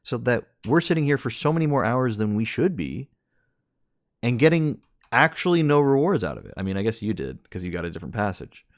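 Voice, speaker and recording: A man's voice: medium pitch, very animated, fairly quick. A young man streaming a game, tired and venting in an exasperated, repetitive rant about losing. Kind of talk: frustrated gaming rant.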